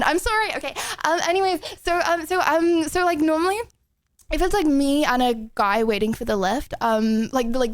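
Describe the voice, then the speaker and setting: Woman streamer, young, high voice, giggly rambling chat, close dry mic. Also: no room sound. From England. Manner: giggly, rambling, self-deprecating. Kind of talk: casual chat to a live stream audience.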